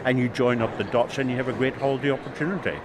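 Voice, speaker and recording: A man answers steadily and thoughtfully, his voice mid-pitched. Outdoor event noise is clearly heard behind him. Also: steady tone. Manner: measured, thoughtful. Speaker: event visitor. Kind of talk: interview answer.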